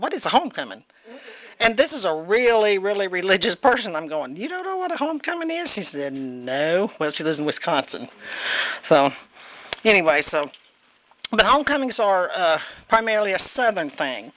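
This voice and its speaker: A woman's voice: fairly low pitch, muffled recording. A woman preaching a casual, folksy sermon, chatty and rambling, with self-deprecating laughs. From Indianapolis, United States. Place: church sanctuary.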